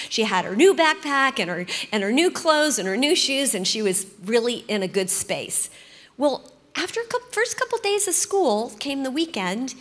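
Grandmotherly woman teaching in a reverberant hall. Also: a little high. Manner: warm storytelling, earnest and encouraging. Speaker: Bible study speaker. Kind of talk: sermon-style teaching talk. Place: large church hall.

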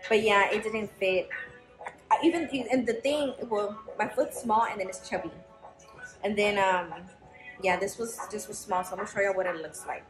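Young woman vlogger, blunt and profane, mid-pitched voice, roomy echo, music under her. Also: normal speed. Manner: frank, swears freely, chatty storytelling. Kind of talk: casual chat to camera.

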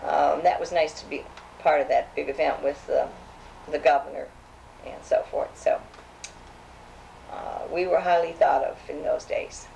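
A woman's voice: low-pitched, steady tone, measured pace, vocal fry, pauses often, a little mellow, slight background noise, poor audio. An older woman reminiscing as she reads old clippings aloud, chatty and hesitant, with frequent restarts. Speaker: safety program founder.

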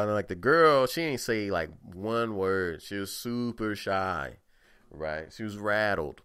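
A man's voice: lowish voice, animated, takes it slowly, fairly bright tone, clean tone. A young man from the talking casually and profanely on his own podcast, ranting animatedly. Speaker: podcast host. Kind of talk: casual monologue.

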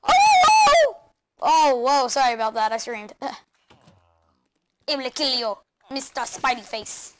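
A woman hosting a video game let's play, excitable, chattering to the game animals and laughing often. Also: on the high side, measured pace, long pauses. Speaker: gaming channel host.

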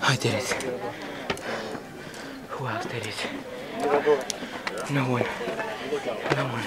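A man's voice: mid-range voice, takes it slowly. A young man vlogging as he climbs a long outdoor staircase, out of breath and amazed by the view. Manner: excited, breathless narration while climbing. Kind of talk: casual travel vlog. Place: outdoors on a tall rock staircase. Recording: loud crowd and outdoor noise.

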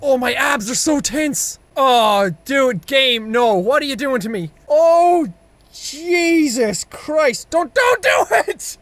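A young Irish man giving loud, panicky let's-play commentary, yelping, laughing and swearing at a scary game. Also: very high voice, animated, slow, dry recording. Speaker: gaming video host.

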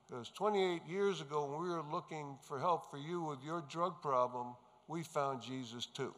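A man's voice: mid-range voice, measured pace, long pauses, a bit bright. A man from New York giving an earnest, emphatic testimony speech to a gathering of pastors, telling his story as he goes. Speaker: conference speaker. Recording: reverberant hall sound.

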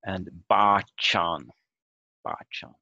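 A man teaching a language lesson over a video call, explaining slowly and haltingly and repeating example words aloud. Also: sits low, fairly even intonation, creaky, bright, forceful tone, no echo. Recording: dull lo-fi video call audio.

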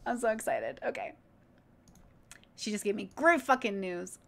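A woman livestreaming casually, reacting to clips and chatting with viewers in an excitable, profane, rambling way. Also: on the high side, slow pace, vocal fry, pauses often. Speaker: streamer reacting to video clips.

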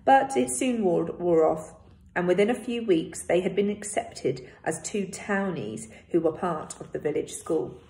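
A woman's voice: on the low side, measured pace. Woman reading a story aloud. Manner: steady, expressive reading. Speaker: teacher reading a novel aloud. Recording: roomy echo.

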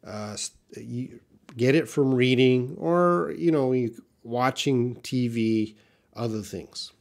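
A man from Canada with a light Canadian accent, middle-aged, teaches English live and answers viewers' questions. He talks slowly at an ordinary pitch and thinks aloud, with frequent uhs and restarts. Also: creaky, a little mellow.

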